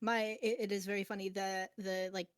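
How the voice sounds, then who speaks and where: A woman's voice: medium pitch, flat delivery, moderate pace, clean tone, dry recording, studio quality. A woman with a general American accent chatting as a stream guest, rambling and giggly. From United States. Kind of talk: casual online chat.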